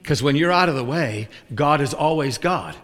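A man's voice: fairly high pitch, moderate pace. Man preaching in a reverberant hall. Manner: animated storyteller acting out both sides of a dialogue. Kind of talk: sermon storytelling.

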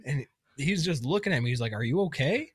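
A young man from Michigan telling a story in casual chat, animated and swearing, acting out the voices of others. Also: fairly high pitch, a little fast, husky, no echo. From Flint, Michigan. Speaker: podcast guest.

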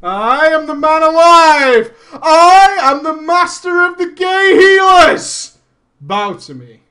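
A man's voice: extremely high pitch, animated, slow pace, bright, forceful tone, pitched above the performer's own voice, heavily acted. A man putting on the voice of a grandiose, boastful male game healer who proclaims his own triumph. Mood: triumphant. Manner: bellowing proclamations.

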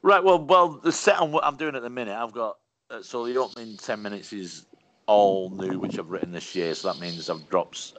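Deep-voiced swearing comic. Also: male voice, normal speed, background noise. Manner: swearing, rambling anecdotes with laughs. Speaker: stand-up comedian guest. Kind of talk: casual conversational storytelling.

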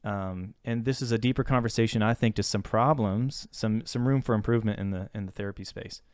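A man's voice: lowish voice, fairly quick, no room sound, clean studio sound. A man speaking as a therapist in a casual podcast chat, reflective and searching, often restarting his sentences as he works his thoughts out.

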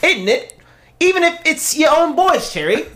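A man's voice: very high voice, big pitch swings, moderate pace, fairly bright tone, pitched above the performer's own voice, full character voice. A man putting on a British accent, playing a teasing young lad. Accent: put-on British.

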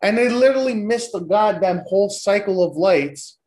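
A man's voice: high voice, lively intonation, normal speed, darkish tone. A young man telling profane, rambling stories in a loose, joking, casual way as a podcast host. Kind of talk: casual storytelling.

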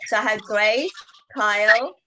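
A woman facilitating a group sharing circle, gentle and inviting, calling on people by name. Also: mid-range voice, unhurried, noisy background.

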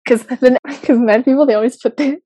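Brief: young woman co-host, slightly high and breathy, dry close sound, chatty, filler-heavy. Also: fairly even intonation, a little fast, mellow, dry recording, rough recording. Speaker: podcast co-host. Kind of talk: casual chat.

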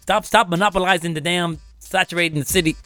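A man co-hosting a comedy podcast, chiming in with excitable, cursing interjections. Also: high voice, fast, faint music behind. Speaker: podcast co-host. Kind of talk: casual comedic banter.

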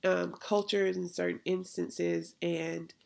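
Slow, flat, and creaky, her fairly low, darkish voice carries a faith podcast sermon delivered conversationally. She keeps posing rhetorical questions, often "right?"

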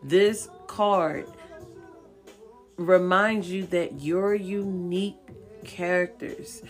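Speaking very slowly in a fairly low, steady voice, a tarot card reader gives viewers a casual reading. She is blunt and swears, but she coaxes and encourages, hammering points home by repeating them. Faint music sits in the background.

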